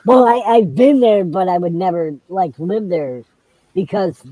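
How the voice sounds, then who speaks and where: A man's voice: high voice, unhurried, dark tone, dry recording, rough recording. An older man in casual chat, plain-spoken, stopping and restarting his thoughts.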